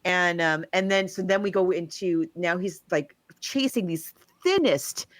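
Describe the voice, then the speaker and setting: A woman with a low voice chats casually on a podcast, retelling a story in a rambling way. She acts out the quotes as she goes. The sound is dry and close-miked. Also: lively intonation, unhurried, dry recording. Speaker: podcast co-host. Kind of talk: casual chat, retelling a film plot.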